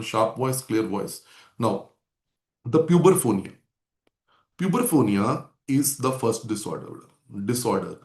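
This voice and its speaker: A man gives a medical lecture and repeats the key points over and over for his students. His pitch sits in an ordinary middle range, and the room adds a noticeable echo. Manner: repetitive, drilling key terms. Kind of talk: classroom lecture.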